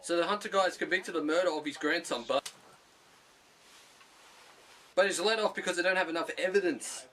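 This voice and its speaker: A man's voice: high voice, a little fast, long pauses, a bit bright, slight background noise. An Australian man giving a comedic film review, profane, jokey and sarcastic. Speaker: movie reviewer.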